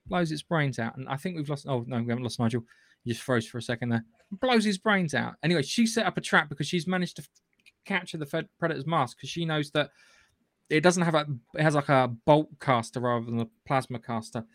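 A man's voice: fairly high pitch, animated, a little fast, no echo, studio quality. A man hosting a podcast, retelling a film in a rambling, swearing, casual way with lots of restarts. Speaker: podcast host. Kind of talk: casual film recap chat.

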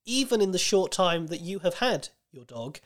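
A man hosting a casual chat show, his voice slightly croaky, chatty and self-deprecating. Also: high voice, big pitch swings, normal speed. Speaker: podcast host.

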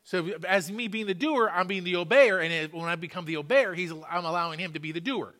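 A man's voice: sits high, a little fast, bright, forceful tone. A man pastor preaching a sermon in a church, telling a testimony and repeating his points with emphasis. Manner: testimony storytelling, repetitive emphatic exhortation. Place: church sanctuary.

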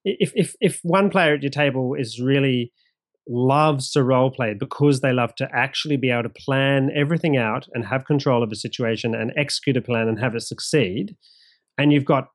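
A man's voice: mid-range voice, a little fast, no room sound. An Australian man who runs a streamed tabletop game, talking casually in an interview, often repeating words as he starts sentences. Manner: chatty, repeats words at starts, laughs easily.

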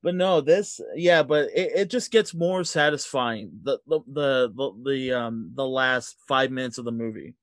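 A man's voice: medium pitch, no echo. A man co-hosting a podcast, talking about films casually with enthusiasm and frequent laughter. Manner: laughing, enthusiastic, quick agreement. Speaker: podcast co-host. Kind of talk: casual film discussion.

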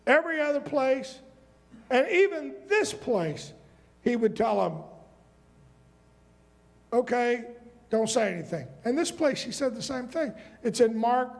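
A man's voice: extremely high pitch, animated, measured pace. A male pastor preaching a sermon, reading scripture and turning to the congregation with questions and asides. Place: church sanctuary. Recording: long hall reverb.

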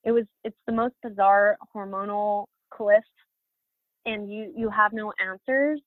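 A woman's voice: mid-range voice, steady tone, measured pace, no room sound. A woman in her thirties telling her personal story as an interview guest, candid, with many fillers and restarts. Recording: dry, phone-like audio.

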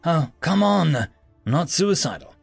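A man voicing a reckless, cheerful human who rambles eagerly and raises his voice with excitement. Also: a little high, slow pace, creaky, slightly rough, dry recording, soft background music, voice pushed up, heavily acted.

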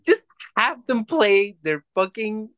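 A man co-hosting a podcast, chatting casually, swearing freely and ranting in quick bursts. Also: sits high, very animated, fairly bright tone, clean tone, highs cut off. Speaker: podcast co-host. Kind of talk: casual chat.

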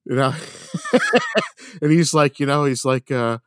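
A man's voice: on the high side, wildly swooping pitch, slow, fairly bright tone, no echo, clean studio sound. A man in casual chat on a podcast, rambling through a story with lots of fillers and swearing.

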